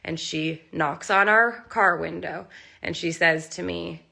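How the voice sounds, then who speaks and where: Young woman vlogger near tears, very gravelly vocal fry, bright edge, rambling live phone chat. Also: fairly low pitch, slow. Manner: emotional, rambling, heavy use of "like". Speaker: animal rescuer and channel host. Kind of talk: casual live-stream chat.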